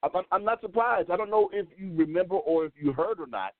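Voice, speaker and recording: A male co-host chats casually about sports, his voice sitting a little higher than most men's. He is laid-back and repeats words as he gets going. The sound is a dry, tinny phone-line recording. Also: expressive, quick pace, dry recording.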